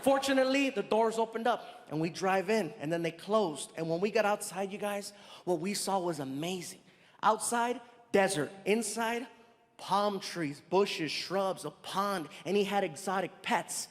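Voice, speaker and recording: Man, 30s, stand-up comic, high pitched, animated, long reverb. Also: unhurried. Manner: animated, jumps into loud voices for characters. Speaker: stand-up comedian. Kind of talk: stand-up comedy storytelling. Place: stage in a large venue. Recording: reverberant venue, faint noise.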